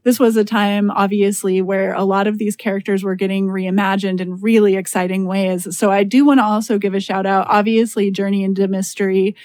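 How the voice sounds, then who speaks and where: A woman's voice: medium pitch, a little mellow, dry recording, clean studio sound. A young woman hosting a podcast, chatting enthusiastically with many filler words as she recommends things. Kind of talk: casual chat.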